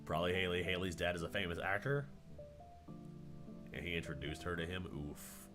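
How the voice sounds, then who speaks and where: A man's voice: deep voice, fairly quick, music in the background. A man chatting casually on a stream in a laid-back way, swearing and laughing a lot. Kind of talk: casual reaction chat.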